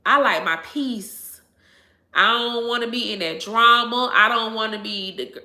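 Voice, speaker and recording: A woman's voice: mid-range voice, normal speed, vocal fry, pushed and bright. A woman in her thirties, a YouTube host chatting to her viewers, blunt and preachy, swearing freely and repeating her points. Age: 30s. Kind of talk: casual chat to viewers. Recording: echoey room.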